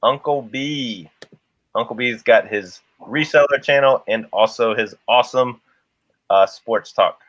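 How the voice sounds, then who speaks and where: A man's voice: medium pitch, measured pace, fairly bright tone, no echo, lo-fi sound. A man co-hosting a casual livestream, rambling and laughing as he talks to the chat. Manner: rambling, laughs often, restarts a lot. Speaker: livestream co-host.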